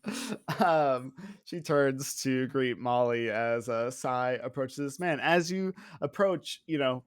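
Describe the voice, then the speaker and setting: Slow, halting male game master. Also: medium pitch, clear, resonant tone, no room sound, clean studio sound. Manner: halting, many fillers, laughs often. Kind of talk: narrating a tabletop game.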